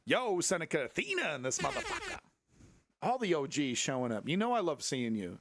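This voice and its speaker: A man's voice: wildly swooping pitch, a little fast, fairly bright tone, dry recording, studio quality. Sarcastic, profane male streamer. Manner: profane, sarcastic, jumps into shrill mocking voices. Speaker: livestream host. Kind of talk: casual live-stream commentary.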